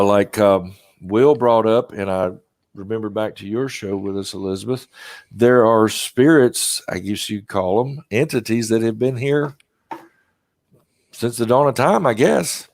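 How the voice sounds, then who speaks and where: A man's voice: lowish voice, a little slow, no echo, clean studio sound. A man hosting a podcast, talking casually with lots of fillers and self-deprecating asides. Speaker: podcast host.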